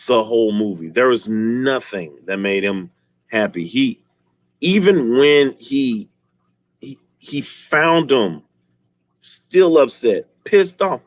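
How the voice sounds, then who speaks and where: A man streaming and chatting casually with his viewers, telling stories in an animated way and laughing often. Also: mid-range voice, takes it slowly, no room sound. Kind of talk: casual chat.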